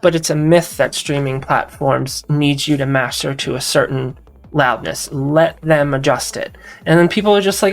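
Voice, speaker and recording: A woman's voice: low-pitched, unhurried. A woman musician and mastering engineer answering viewer questions in a casual solo Q&A, talking frankly with rambling restarts and swearing.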